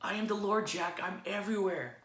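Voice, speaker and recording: A calm, all-seeing divine voice speaks with patient, gently commanding assurance, as a preacher puts it on. It sits a little above his usual register. The echo of a roomy space hangs behind it. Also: sits high, fairly quick, pitched above the performer's own voice. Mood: calm assuring.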